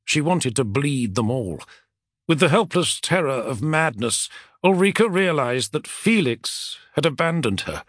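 Guy narrating a dark fantasy audiobook, lots of pitch swing, dead dry studio sound. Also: a little slow, dry recording. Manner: dramatic, expressive reading.

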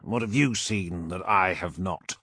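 A man voicing a towering armored warlord in an audiobook, speaking in a slow, husky, scornful rumble. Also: sharp tone, no room sound, clean studio sound, heavily acted. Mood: menacing. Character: towering armored male warlord, menacing and proud.

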